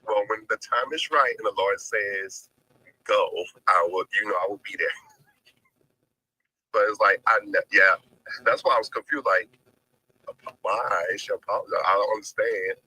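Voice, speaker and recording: A man with a low, husky voice and a very sharp, bright edge. He speaks haltingly and earnestly on a faith live stream, full of fillers, and sounds close to tears. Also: no room sound, low-quality recording. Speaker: guest. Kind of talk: heartfelt faith conversation.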